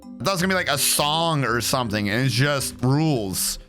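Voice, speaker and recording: A man's voice: medium pitch, lively intonation, brisk, fairly bright tone, faint music behind. Sarcastic man streaming a game. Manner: sarcastic, swears, laughs, reads game text aloud. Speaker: streamer playing a strategy game. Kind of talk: casual let's play commentary.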